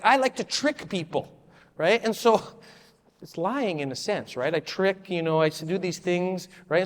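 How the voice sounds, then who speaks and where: A man's voice: sits high, in a large hall. A man leading a volunteer training session, speaking casually and repeating answers from the group. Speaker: children's ministry leader training volunteers. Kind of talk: live training talk to a room.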